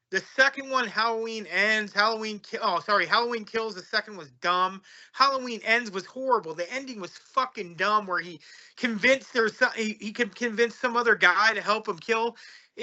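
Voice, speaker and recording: Bright, rambling high-voiced man. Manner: rambling, restarts often, opinionated. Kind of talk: casual chat. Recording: dull lo-fi audio.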